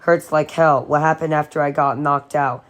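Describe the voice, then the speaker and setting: A man's voice: a little high, fairly even intonation, normal speed, a bit bright, close to an everyday voice. A male reader playing a dazed, grumpy joker just waking up, sleepy mutter. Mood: groggy. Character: groggy hurt young man, wisecracking.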